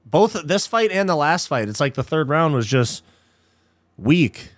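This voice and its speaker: A young man hosts live commentary on a fight, excitable and quick to get frustrated, casually swearing and calling people "dude" and "bro." His voice is a little high and his pace measured, in clean studio sound with no room sound.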